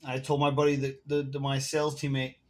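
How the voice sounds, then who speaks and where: A man's voice: mid-range voice, monotone, brisk. A man ranting to camera in a casual vlog, telling a heated, profane story while smoking and drinking. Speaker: vlogger.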